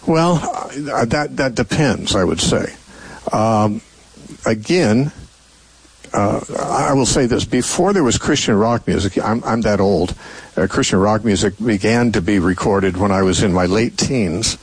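A man's voice: lowish voice, expressive, unhurried, slightly rough, dry recording, low-quality recording. An older man hosting a call-in radio Bible show, answering callers with thoughtful, rambling explanations full of fillers and restarts.

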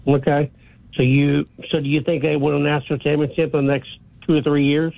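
Gravelly male caller on phone line. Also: a little high, flat delivery, fairly quick, dry recording. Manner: friendly, direct questions.

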